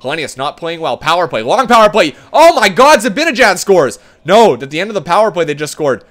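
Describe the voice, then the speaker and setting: High-voiced young man calling a game. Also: sing-song, brisk. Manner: swings from hushed tension to loud cheering. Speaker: gaming commentator. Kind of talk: excited play-by-play game commentary.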